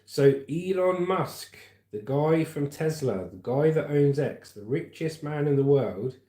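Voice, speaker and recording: A man's voice: on the high side, lively intonation, measured pace, warm tone, roomy sound. A man with a southern English accent hosting a casual livestream, reading viewer comments aloud and chatting back with a friendly, laid-back manner. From England. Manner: chatty, calls viewers mate, laughs at comments. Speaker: livestream news host.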